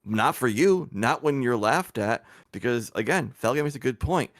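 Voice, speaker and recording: A man's voice: medium pitch, lively intonation, normal speed, no echo, clean studio sound. A man on a live stream, scolding and lecturing someone with repeated pointed questions. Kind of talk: casual live-stream commentary.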